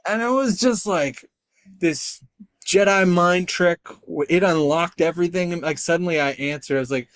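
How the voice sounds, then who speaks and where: A middle-aged man, a guest on an interview podcast, chatting casually in a lively, self-deprecating way and acting out the voices he quotes. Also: a little high, normal speed, dry recording. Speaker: guest, storyteller and artist.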